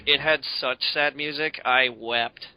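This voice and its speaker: A man's voice: medium pitch, fairly even intonation, measured pace, bright, forceful tone, clear, resonant tone, dry recording, poor audio. A man co-hosting a podcast, joking around in casual comedic chat with playful mock-formal asides. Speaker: podcast co-host.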